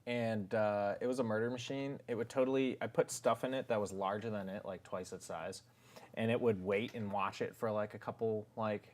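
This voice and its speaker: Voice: mid-range voice, steady tone, normal speed, darkish tone. Laid-back tabletop game player. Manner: laid-back storytelling with fillers. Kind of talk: casual tabletop game chat.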